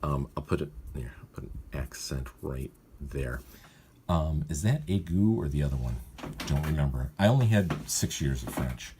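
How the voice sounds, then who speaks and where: A man's voice: a bass voice, animated, normal speed, warm tone, slight background noise. A male cartoonist casually walks through how he writes his gags, thinking aloud and often correcting himself. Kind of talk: casual walkthrough of his writing process.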